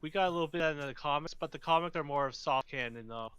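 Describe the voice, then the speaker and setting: A man on a fan talk show, chatting casually in a calm, matter-of-fact way. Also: fairly high pitch, fast, slight background noise. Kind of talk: casual chat.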